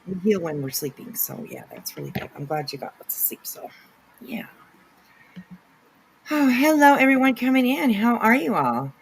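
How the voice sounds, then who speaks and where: A woman's voice: fairly high pitch, huge pitch swings, normal speed, a little hiss or hum, low-quality recording. A woman hosting a casual livestream, greeting chatters by name with giggly asides. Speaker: livestream host. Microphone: no camera, voice only.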